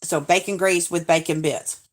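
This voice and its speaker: A woman's voice: on the low side, fairly even intonation, normal speed. A woman from Alabama with a Southern accent, hosting a casual live stream in a chatty, gushing way as she reads out viewer comments.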